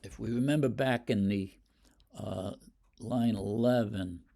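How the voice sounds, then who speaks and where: A man's voice: lowish voice, measured pace, gravelly, warm tone. A man teaching a poetry lesson, explaining stanzas and reading the verse aloud with rising emphasis, with many fillers and restarts. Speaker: literature teacher.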